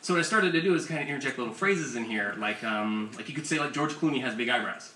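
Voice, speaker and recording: Fast, bright and forceful, this young man's medium-pitched, expressive voice delivers crude, self-deprecating comic tales as a comics author speaking at a bookstore event space. The recording comes from a distant audience camera, roomy and full of ambient room noise.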